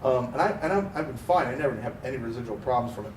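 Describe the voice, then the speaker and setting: A man from Pennsylvania, co-hosting a car podcast, telling a story in a casual, animated way and acting out the voices he quotes. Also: medium pitch, very fast. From Pennsylvania, USA. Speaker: podcast co-host. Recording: roomy, distant mic with faint noise.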